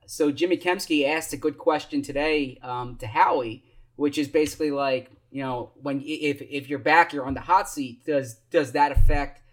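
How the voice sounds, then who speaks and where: Hesitant, somewhat high-voiced male co-host. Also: moderate pace. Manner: hesitant, full of restarts and fillers, asks questions. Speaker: podcast co-host. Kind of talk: casual sports podcast chat.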